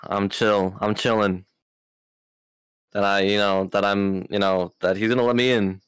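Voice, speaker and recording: A man's voice: on the low side, level tone, measured pace, a bit bright, clean tone, dry recording. A young man answering interview questions casually, rambling with lots of fillers and easy slang. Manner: rambling, filler-heavy, laid-back slang. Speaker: interview guest.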